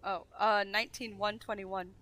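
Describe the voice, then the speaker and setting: A woman's voice: mid-range voice, level tone, moderate pace, a bit bright. A woman chatting casually in a roleplay game, giggly and talkative. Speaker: roleplay streamer.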